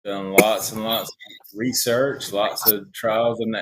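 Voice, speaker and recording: A man's voice: on the low side, level tone, slow pace, a little hiss or hum, low-quality recording. A man with a South Georgia accent, an easygoing podcast guest in casual chat.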